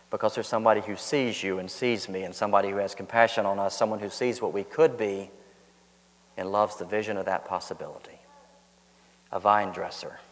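Low-voiced man preaching in a hall. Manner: storytelling, emphatic repetition, rises on punchlines. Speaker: pastor. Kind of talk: sermon. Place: church sanctuary.

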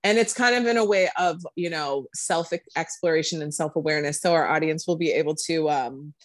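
A woman's voice: low voice, brisk, no echo. A young woman co-hosting a podcast, chatting casually and loosely with lots of "like" and "you know". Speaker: podcast co-host. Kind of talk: casual chat.

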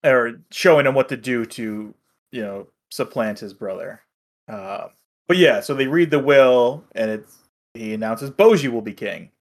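A man's voice: mid-range voice, measured pace. A man co-hosting a casual chat, recapping episodes in an easygoing way and acting out characters' lines. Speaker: podcast co-host.

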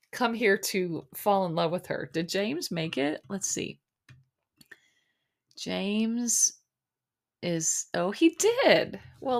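A woman's voice: mid-range voice, gravelly. A middle-aged woman hosting a podcast, chatting casually and rambling with lots of fillers, a bit sleepy. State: sleepy, yawning. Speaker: podcast host recapping a reality show. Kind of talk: casual solo chat.

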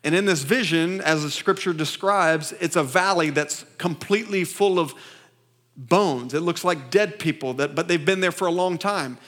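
A pastor delivers a sermon in a notably high male voice. He speaks emphatically, repeating phrases and restarting lines. He keeps asking the congregation to answer and repeat after him. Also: normal speed, fairly bright tone. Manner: call-and-response with the congregation. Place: church service.

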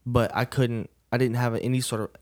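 A man's voice: medium pitch, little pitch movement, fairly quick, darkish tone. A young man, a podcast guest, telling a personal story in a casual, laid-back way, often laughing and saying "bro".

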